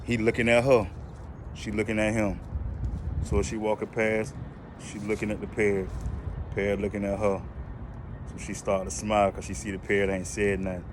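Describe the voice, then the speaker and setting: A man casually telling a joke in a relaxed, colloquial way, recorded outdoors near traffic. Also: fairly low pitch, moderate pace, pauses often. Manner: relaxed, colloquial, lively delivery. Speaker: joke teller. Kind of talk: casual storytelling.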